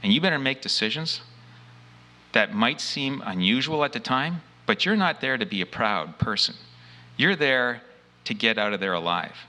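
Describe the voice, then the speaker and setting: This man's mid-range voice is animated, bright and forceful, at a moderate pace, as he describes being abducted. It's an earnest, emphatic first-hand story of a terrifying event, with him acting out the words he spoke.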